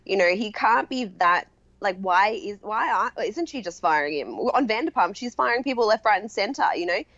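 A woman talks casually, circling her point with fillers and restarts. Her voice sits in a middle pitch range. The recording is dry and close, with a slightly dull, lo-fi tone. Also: lively intonation, brisk, a bit bright, no room sound. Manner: rambling, many restarts and fillers. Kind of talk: casual chat.

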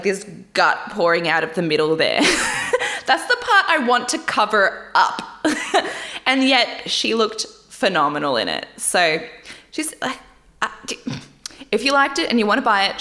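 A young woman vlogs casually about a dating show, chatting candidly, laughing often, and swearing lightly. Her voice is fairly low in pitch with a fairly bright tone.

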